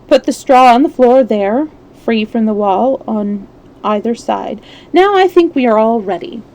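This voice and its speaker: A woman voicing a confident, theatrical male detective in a measured, showy way. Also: fairly high pitch, animated, dark tone, low-quality recording. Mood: composed.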